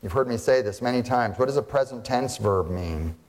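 A man's voice: mid-range voice, lively intonation, fairly quick, a little mellow, in a large hall. A man, a pastor, preaching a sermon and putting rhetorical questions to his congregation.

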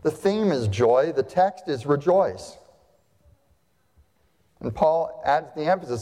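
A man's voice: fairly high pitch, animated, takes it slowly, pauses often, mellow. A male pastor delivering a sermon to his congregation, emphatic, with rhetorical questions and repeated phrases. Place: church sanctuary. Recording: long hall reverb.

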